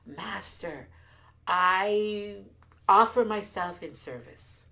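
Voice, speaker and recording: A woman's voice: medium pitch, drawn-out words, sharp tone, heavily acted. A woman storyteller voicing a frightened male lion who begs to serve. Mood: timid. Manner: timid, pleading. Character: scared, meek male lion.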